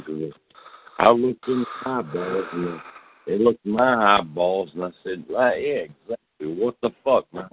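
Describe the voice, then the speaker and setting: A lower-voiced man rambles through a comedic monologue, drawling and swearing freely as he ends line after line with "man." The sound is thin and phone-like. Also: husky. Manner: drawling, profane, tacks "man" onto lines. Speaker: podcast host.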